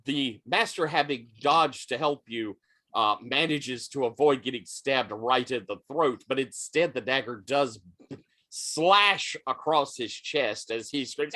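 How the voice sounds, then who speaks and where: A man narrating as game master of a tabletop role-playing game, with a loose, filler-heavy delivery. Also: mid-range voice. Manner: unhurried, lively narration with many fillers.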